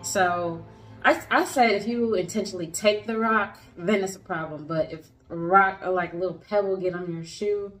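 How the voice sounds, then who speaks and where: A woman's voice: medium pitch, normal speed, a bit bright, faint music behind. A woman chatting casually in a travel vlog, with a playful, giggly manner. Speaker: travel vlogger. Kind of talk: casual chat.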